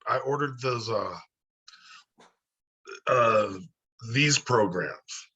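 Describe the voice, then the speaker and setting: Husky-voiced man, a hesitant student. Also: mid-range voice, drawn-out words, bright, forceful tone, lo-fi sound. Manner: brief, hesitant answers, repeats phrases after the teacher. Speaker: adult student. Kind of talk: one-on-one language lesson.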